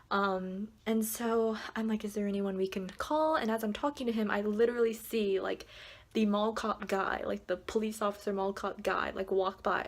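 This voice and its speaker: A woman vlogging at home at night, casually telling a story full of "like" fillers and acted-out quotes. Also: medium pitch. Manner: chatty, frequent "like" fillers, animated quoted dialogue.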